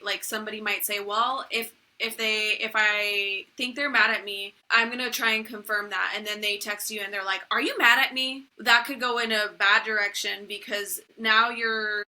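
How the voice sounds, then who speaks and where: Bright-voiced chatty young woman. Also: medium pitch, steady tone, moderate pace. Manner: chatty, storytelling, acts out quotes. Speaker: podcast co-host. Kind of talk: casual chat.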